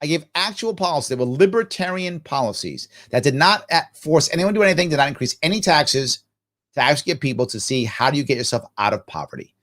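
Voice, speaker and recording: Live show host, man, lively swooping voice on the high side, preachy rhetorical style, plays out little dialogues. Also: fast talker. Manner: animated, preachy, rhetorical questions answered himself; acts out both sides of imagined conversations. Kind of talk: live ask-me-anything talk.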